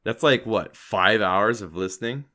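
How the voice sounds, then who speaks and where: A man's voice: lowish voice, measured pace, a crowd in the background. A man co-hosting a casual podcast, joking around and tripping over names. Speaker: podcast co-host.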